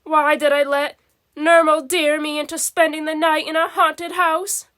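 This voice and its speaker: A jumpy, hungry male cat from a storybook, played by a woman reading aloud. He sounds high and bright, whining and twitchy, and he talks slowly. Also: level tone. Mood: jittery.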